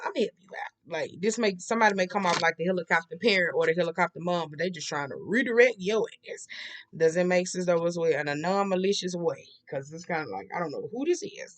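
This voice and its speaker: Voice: medium pitch, slight background noise. A tarot reader talking loosely and off the cuff, with plenty of swearing and slang. The talk rambles and circles back on the same stock phrases. Every few lines it stops to check in with the listener. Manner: blunt and profane, with frequent slang; rambling, with repeated verbal tics. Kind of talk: casual monthly tarot reading.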